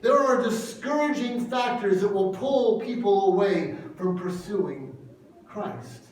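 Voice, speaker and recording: A man's voice: high voice, takes it slowly, a little mellow, a little hiss or hum. A man preaching a sermon as pastor, earnest and emphatic, repeating phrases for weight. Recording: echoey room from a distance.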